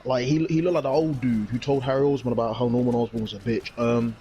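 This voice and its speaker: A man's voice: mid-range voice, fairly even intonation, fast talker, warm tone, dull audio, slight background noise. A young man, casually recapping a TV episode in a rambling, slangy way. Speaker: reviewer. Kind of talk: casual chat.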